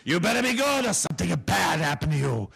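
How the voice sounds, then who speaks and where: A comedian playing a small, bossy old Italian uncle who makes veiled threats like a movie gangster. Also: male voice, sits high, very animated, fast, gravelly, a bit bright, breathy edge, pitched below the performer's own voice, exaggerated voice. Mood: threatening.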